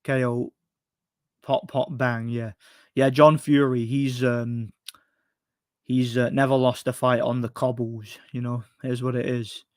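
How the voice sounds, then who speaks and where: A man's voice: medium pitch, little pitch movement, a little slow, dry recording, clean studio sound. A man hosting a casual chat show, answering viewer questions in a rambling, opinionated way with many restarts.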